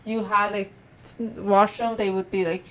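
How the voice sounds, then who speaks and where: A woman's voice: medium pitch, flat delivery, moderate pace, a bit bright, poor audio. A woman guest on a podcast telling about her experiences in a casual, chatty way, often saying "like". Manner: chatty, fills speech with "like". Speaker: podcast guest, meditation practitioner. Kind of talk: casual interview chat.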